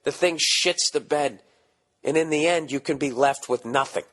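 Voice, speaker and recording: A man in his forties with a Boston accent, hosting a podcast, ranting casually with lots of profanity; his voice is hoarse from screaming. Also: a little high, moderate pace. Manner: profane, animated ranting with mocking asides. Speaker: podcast host.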